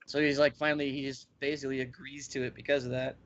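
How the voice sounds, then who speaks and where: A man co-hosting a casual podcast chat, retelling scenes with lively acted-out bits. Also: medium pitch, fast talker, lo-fi sound. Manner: animated storyteller acting out scenes. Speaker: podcast co-host.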